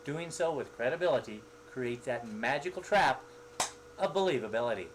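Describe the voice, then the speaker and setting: A man explaining the qualities of a good speech in a measured, instructive way. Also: medium pitch, animated, noisy background. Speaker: speech presenter.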